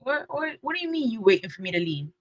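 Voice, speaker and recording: A young woman co-hosting a podcast, telling a story in animated casual chat and acting out the people she quotes. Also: fast talker, dry recording, lo-fi sound. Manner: lively, acts out quotes with shifting pitch and loudness. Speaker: podcast co-host.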